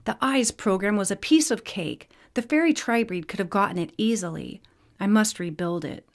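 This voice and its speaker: A woman's voice: mid-range voice, moderate pace, natural voice. A woman voicing a proud, angry winged male spirit warrior who speaks in terse commands in a storybook reading. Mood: commanding.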